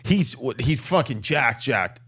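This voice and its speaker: A man with a middle-pitched voice hosts a loose chat in a green room. He jokes constantly and rambles, tossing in quick asides. His tone stays casual and friendly. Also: expressive, a bit bright, husky. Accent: New York. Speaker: podcast host.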